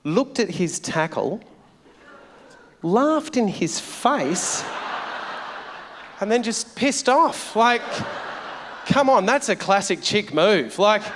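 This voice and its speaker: A man's voice: sits high, sing-song, slow pace, long pauses, noisy background. A middle-aged man performing a stand-up comedy set, brash and sweary in a conversational way. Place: large theatre stage. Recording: live venue with long reverb.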